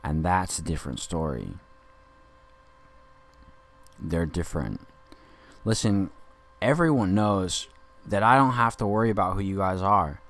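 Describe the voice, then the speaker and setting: Man voicing an angry rambling Dick Grayson, profane, indignant, comedic podcast monologue, deep low voice. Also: lively intonation, a little slow, pauses often, a bit bright, exaggerated voice.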